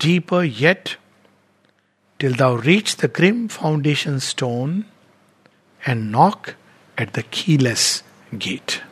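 A spiritual teacher, a man, reads poetry aloud and explains it in a measured, reflective way, pausing often. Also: fairly high pitch, fairly bright tone.

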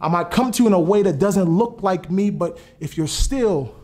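A man voicing God as a gentle, patient figure who speaks in calm, short, repeated phrases. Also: sits high, moderate pace, lightly acted. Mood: coaxing.

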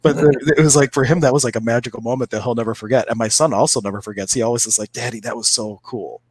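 A man's voice: mid-range voice, steady tone, very fast, a little mellow, dry recording. A man co-hosting a casual spiritual chat, telling stories in a rambling way with many restarts. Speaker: co-host, energy healer.

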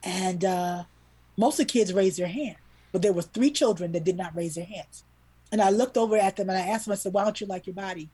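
A children's book author and illustrator, appearing as a podcast guest, tells a heartfelt story with earnest emotion, repeating words when moved. Her medium-pitched voice is husky and dark-toned, and she speaks fairly quickly.

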